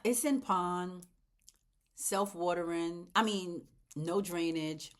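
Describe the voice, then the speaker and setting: A woman hosting a casual plant vlog, talking straight to her viewers in a chatty, heartfelt way, swinging between loud exclamations and soft near-whispers. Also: fairly low pitch, takes it slowly. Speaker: plant channel host.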